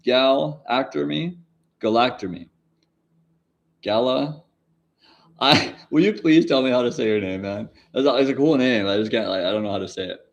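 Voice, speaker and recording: A man's voice: medium pitch, a little fast, dull audio. A man in his forties hosting a casual livestream, answering chat questions in a rambling way, laughing often and swearing now and then. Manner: rambling, laughs often, sudden loud outbursts.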